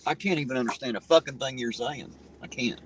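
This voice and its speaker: A man's voice: medium pitch, fairly quick, fairly bright tone, low-quality recording. Folksy man talking over car noise. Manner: rambling, folksy, reads viewer comments aloud. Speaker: livestream host reading chat. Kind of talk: casual chat. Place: inside a car while driving. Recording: car road noise behind the voice.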